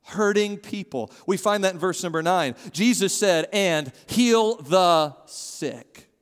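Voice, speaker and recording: A male pastor delivers an animated sermon in a fairly high voice. He keeps drawing the congregation in to read along and answer back. The room gives his words a long, ringing reverb. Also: takes it slowly, clean tone. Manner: animated, calls on the congregation to respond. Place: church sanctuary.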